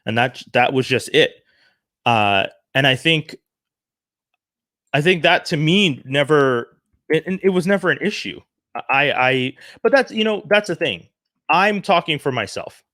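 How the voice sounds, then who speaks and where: A man from Canada giving an earnest, animated opinion monologue, often restarting his sentences. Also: a little high, measured pace, dry recording, clean studio sound. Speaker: commentary vlogger.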